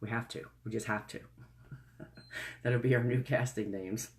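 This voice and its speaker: A woman's voice: extremely low pitch, steady tone, a little slow. A woman chatting casually on a live stream, greeting viewers by name, rambling from topic to topic with frequent laughs and exclamations. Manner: gushing and exclamatory, laughs often.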